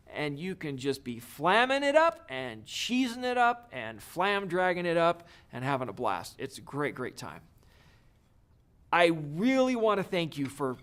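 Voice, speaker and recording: A man's voice: fairly high pitch, fairly bright tone. A man teaching a drum lesson, explaining each step in an encouraging way. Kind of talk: video lesson.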